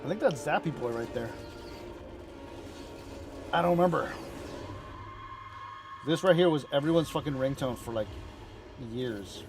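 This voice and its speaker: A man chatting casually as he reacts to game cinematics, excitable, rambling and profane. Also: mid-range voice, a little slow, long pauses, soft background music. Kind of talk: casual chat.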